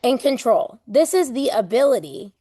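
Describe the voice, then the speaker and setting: A woman teaching a live online exam prep class, lively and playful, casual with swearing, acting out everyday examples. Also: a little high, normal speed, no room sound, studio quality.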